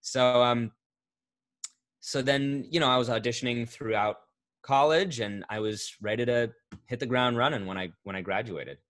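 A man in his thirties talking casually as an interview guest, rambling and correcting himself, getting animated when he tells a story. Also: medium pitch, moderate pace. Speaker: voice actor guest. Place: home recording setup, remote interview.

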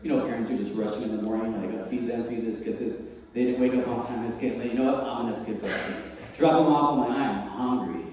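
A man preaching a sermon as pastor, telling a personal story with animated voices and frequent laughter. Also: medium pitch, fast talker, few pauses. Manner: animated, acts out dialogue, laughs often. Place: church sanctuary. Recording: distant mic in a large echoey hall.

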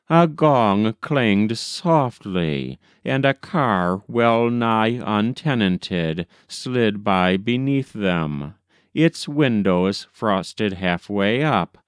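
A man narrating a story as an audiobook reader, measured and gentle. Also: fairly low pitch, clean tone, no echo, clean studio sound. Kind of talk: scripted narration.

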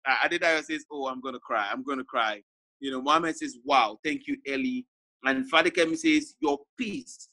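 A man hosting an online book discussion, halting and repeating words as he reads out audience comments. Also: on the high side, a bit bright, poor audio. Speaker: host and moderator.

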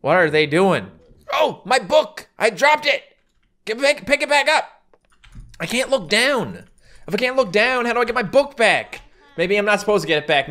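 A man doing jokey, excitable commentary while playing a video game, laughing often. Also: high-pitched. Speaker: gaming YouTuber. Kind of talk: let's-play commentary.

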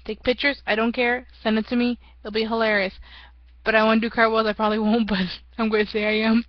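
A woman's voice: a little high, little pitch movement, quick pace, dry recording, lo-fi sound. A young woman giving a rambling, self-mocking casual vlog update, often laughing at herself. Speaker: vlogger.

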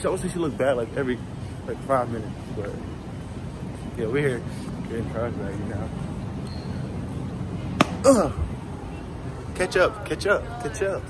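A man's voice: mid-range voice, expressive, fairly quick, heavy background noise. A young man vlogging casually, teasing his friends and rambling with fillers, recorded on a handheld camera. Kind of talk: casual vlog chat. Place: bowling alley. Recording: loud music and crowd at bowling alley.

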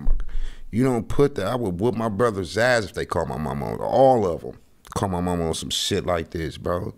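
A podcast host, a man, reacting to a clip with blunt, profane jokes. His voice sits very low and carries a gravelly fry. He talks in a loose, unscripted way. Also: lively intonation, moderate pace. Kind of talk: reaction commentary.

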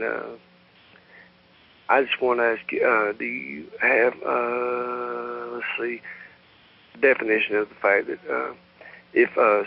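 Man, Southern US accent, radio caller, hesitant, low gravelly voice, muffled. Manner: hesitant, many fillers.

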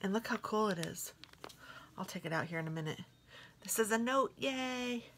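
A woman vlogger casually showing off craft mail she received, gushing softly and sometimes dropping to a whisper. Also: mid-range voice, fairly quick, poor audio. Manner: gushing, soft-spoken, drifts into whispers. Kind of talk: casual show-and-tell unboxing.

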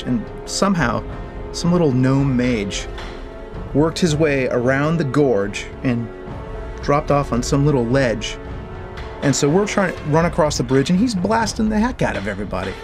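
A man tells a story from his work in an interview, lively and joking. His voice sits at an ordinary middle pitch, and faint music plays quietly under him. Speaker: game developer. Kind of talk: anecdote in an interview.

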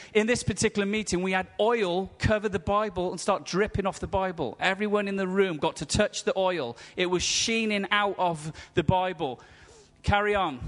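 A man teaches with bright enthusiasm, his voice sitting high for a man. He talks through photos to a gathered crowd, and the sound rings with the long reverb of a large hall. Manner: animated, enthusiastic storytelling with laughter. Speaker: teacher at a ministry school. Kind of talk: sermon-style teaching with slides.

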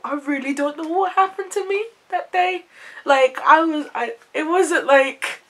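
A young woman, from an Ivorian family, telling a story to camera in a chatty, animated way full of "like"s. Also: sits high. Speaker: vlogger.

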